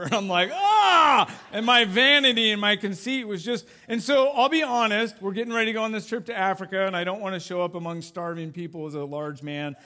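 A man's voice: high-pitched, pushed and bright. A man preaching a sermon to a church congregation as a youth pastor, conversational and self-deprecating with plenty of jokes.

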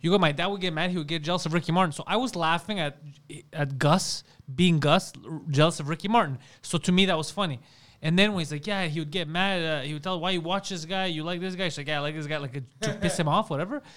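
A man with a high voice talks quickly in casual podcast banter. He rattles through a crude story, teasing his friends as he goes. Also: fairly bright tone. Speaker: podcast co-host. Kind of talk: casual chat.

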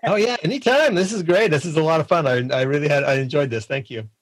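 A man with a slightly high voice, on a rough recording, chats as a podcast guest in a friendly, casual interview. He often halts and restarts his sentences.

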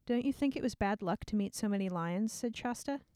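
Chatty giggly woman, smooth dry voice. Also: medium pitch, a little fast, warm tone, dry recording. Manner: giggly, chatty, reads passages aloud. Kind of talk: casual book discussion with reading aloud.

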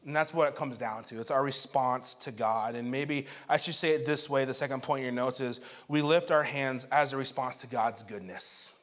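A man's voice: medium pitch, normal speed, hardly any pauses, a bit bright. A man preaching a sermon as pastor, earnest and building to fervent emphasis.

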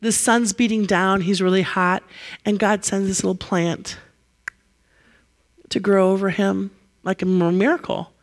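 A woman preaching a sermon in an animated storytelling way. She acts out the people in the story and laughs as she goes. Her voice sits at a medium pitch. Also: a little slow, pauses often.

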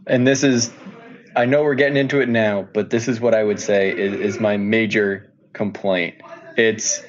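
A man co-hosting a casual podcast, talking in a measured, critical way and swearing casually. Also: on the low side, fairly even intonation. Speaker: podcast co-host. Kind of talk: casual chat. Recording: dull lo-fi sound.

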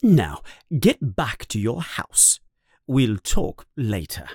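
A narrator voicing a strict older female professor who scolds and commands in a high, raised voice. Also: wildly swooping pitch, slow pace, a little mellow, breathy edge, dry recording, studio quality, exaggerated voice. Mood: brisk.

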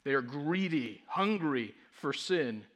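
Higher-voiced man preaching emphatically. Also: animated, slow pace, a bit bright. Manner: emphatic preaching with rhetorical questions. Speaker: pastor. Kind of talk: sermon.

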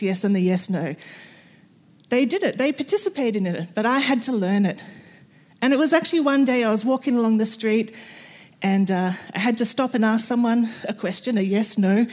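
A middle-aged Australian woman speaking in church, telling a story and acting out bits of dialogue, often with a laugh. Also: on the high side. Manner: animated, acts out dialogue with laughter. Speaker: missionary speaker.

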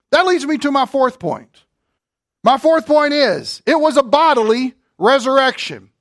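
A male pastor preaching a sermon, animated and joking with his congregation as he reads scripture. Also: extremely high pitch, no room sound, studio quality.

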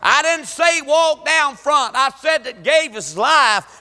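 A man preaching an impassioned church sermon, rising to shouts. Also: extremely high pitch, lively intonation, takes it slowly, few pauses. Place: church sanctuary. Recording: long church hall reverb.

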